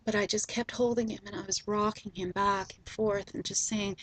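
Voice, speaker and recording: A middle-aged woman hosting a spiritual video, telling a personal story in a soft, slow, gentle way with frequent ums. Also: medium pitch, fairly even intonation, husky, dry recording, rough recording.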